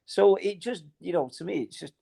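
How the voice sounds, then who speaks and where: A man co-hosting a casual football podcast, animated and swearing, often trailing off mid-thought. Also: high voice, fairly quick, vocal fry. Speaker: podcast co-host.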